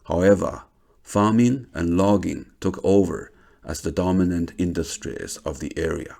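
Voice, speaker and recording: Low gravelly male documentary narrator. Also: fairly even intonation, a little slow, mellow.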